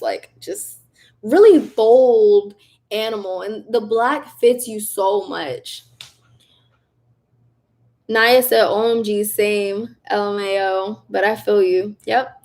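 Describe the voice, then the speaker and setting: A young woman hosting a casual livestream, reading viewer comments aloud in a chatty, animated way and laughing often. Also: on the high side. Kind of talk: casual live chat.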